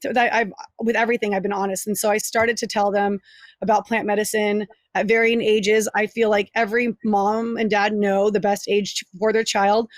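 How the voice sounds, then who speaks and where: A woman's voice: mid-range voice, flat delivery, normal speed, dry recording, clean studio sound. A woman chatting candidly as a podcast guest about raising her kids, talking loosely with many fillers. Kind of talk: casual chat.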